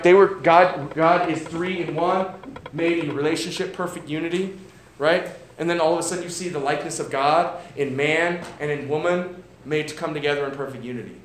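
A young adult man preaching a sermon in a casual, conversational way, with joking asides and frequent checks of "right?". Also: fairly high pitch. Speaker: pastor. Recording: roomy hall sound, faint background noise.

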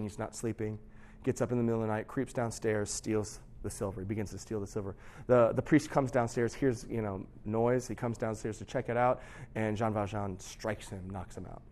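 A young adult man preaching a casual, conversational sermon, telling stories with swings between loud emphasis and hushed drama. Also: medium pitch. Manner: animated storytelling, drops to a hush for drama; conversational, addresses audience directly.

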